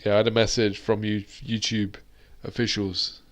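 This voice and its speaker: A man's voice: lowish voice, level tone, normal speed. A British man hosting a live-stream chat, rambling along with plenty of fillers and restarts. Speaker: host.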